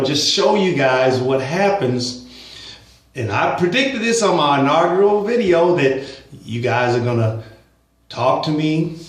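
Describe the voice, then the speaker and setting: Emphatic man vlogging in an echoey room. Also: mid-range voice. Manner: emphatic, chuckling asides. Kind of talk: casual religious commentary monologue.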